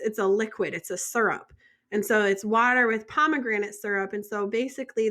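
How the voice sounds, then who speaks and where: An American woman from the United States teaches a French vocabulary lesson in a chatty way, joking and putting questions to the viewer. Her medium-pitched voice is a bit bright.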